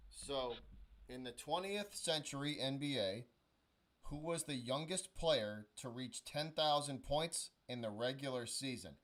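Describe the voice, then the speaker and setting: A young man in casual conversation on a livestream. He tells stories in a loose, profane way, often stopping and restarting his sentences. His pitch sits right in the middle for a man. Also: a little slow, fairly bright tone. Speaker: stream host. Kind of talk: casual chat on a charity stream.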